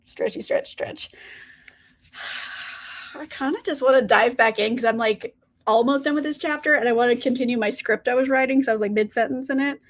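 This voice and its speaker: Brief: high-pitched woman, chatty book streamer, casual and giggly, swears lightly. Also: fairly even intonation, quick pace. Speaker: reading live-stream host. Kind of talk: casual chat to live viewers.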